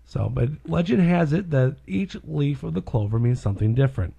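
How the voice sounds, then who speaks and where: A man co-hosting a casual talk show, chatting and telling jokes in an animated way. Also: fairly high pitch, brisk, gravelly, husky, dull audio. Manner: animated, gets loud and lively telling jokes. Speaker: podcast co-host. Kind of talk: casual chat and joke telling.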